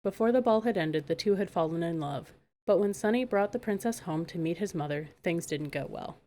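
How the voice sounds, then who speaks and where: A woman narrating a fairy-tale audiobook in a calm, measured way. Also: low voice. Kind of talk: storybook narration.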